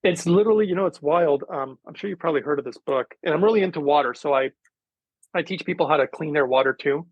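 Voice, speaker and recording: Man, interview guest; husky tone, dry close sound; earnest, rambling delivery. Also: fairly high pitch, fast talker, no room sound, lo-fi sound. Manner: earnest, rambling storyteller with many fillers. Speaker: guest, hydrogen therapy specialist. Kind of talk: casual interview chat.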